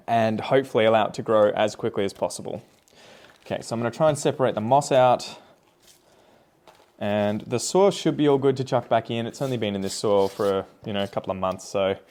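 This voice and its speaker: A man's voice: fairly low pitch, a little mellow. A young Australian man with an Australian accent, chatting casually and rambling while he repots plants, swearing now and then. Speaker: plant vlogger. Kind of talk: casual chatty commentary while doing chores.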